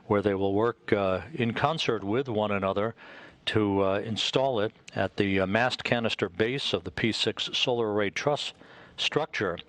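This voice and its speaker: Low-voiced man commentating a spacewalk. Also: fairly bright tone. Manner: measured, informative, with frequent fillers. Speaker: live broadcast commentator. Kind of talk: live event commentary.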